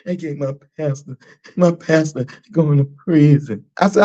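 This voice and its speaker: A man's voice: on the high side, a little slow. A middle-aged man from Texas, ranting animatedly and profanely to his live-stream audience, repeating himself for emphasis. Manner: animated, repetitive, preachy and profane. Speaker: host.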